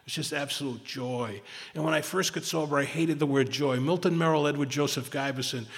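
A man's voice: a little high, fairly quick. A man speaking at a recovery meeting, rambling and repeating himself, with self-mocking humor. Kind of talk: casual sharing talk. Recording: long reverb in a hall.

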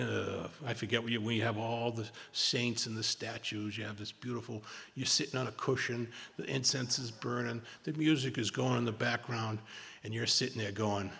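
A man's voice: mid-range voice, creaky, a bit bright. A man speaking at a recovery meeting, rambling and repeating himself, with self-mocking humor. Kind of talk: casual sharing talk. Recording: long reverb in a hall.

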